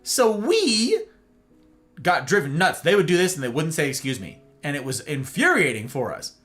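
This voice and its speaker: An American man hosting a livestream monologue, talking in an animated way and often checking in with "right?" and "okay?". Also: a little high, normal speed, faint music behind. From United States. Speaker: host.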